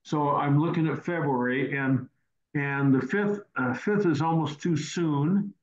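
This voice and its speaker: A man's voice: on the high side, a little slow, a little hiss or hum. A man hosting a casual question-and-answer teaching session over a video call, rambling and repeating words as he goes. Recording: roomy, dull online call audio.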